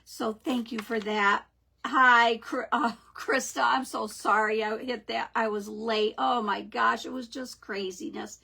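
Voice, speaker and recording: A woman's voice: a little high, fairly even intonation, a little slow, vocal fry, sharp tone, slightly rough. A middle-aged woman hosting a live craft stream, chatting casually and greeting viewers by name.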